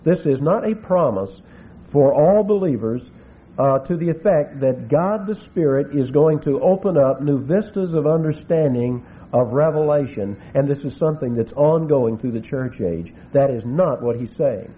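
Emphatic preacher on a tinny line. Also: male voice, a little high, animated. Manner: emphatic, slows to spell out Greek words. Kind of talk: expository Bible teaching sermon. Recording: tinny phone-like recording with faint hiss.

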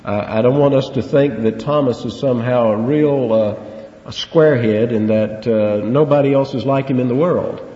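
In an echoey hall recorded with dull, lo-fi sound and faint hiss, a man teaching a Bible passage preaches an earnest expository sermon, leaning on key words and asking rhetorical questions. His voice is mellow and mid-range at normal speed.

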